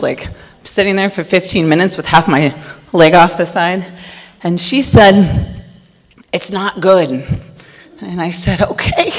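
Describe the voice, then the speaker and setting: A middle-aged woman gives a conference talk in a loud, storytelling manner. Her pitch leaps up and down with lively energy. Her voice carries into the long echo of a large hall. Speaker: conference speaker.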